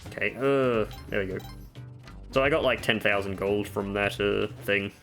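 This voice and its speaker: Gaming creator, male, deeper voice, easygoing commentary with self-deprecating asides over quiet game music. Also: moderate pace, creaky. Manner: chatty, explains game tips with offhand self-mocking jokes. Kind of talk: casual gameplay commentary. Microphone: desk microphone.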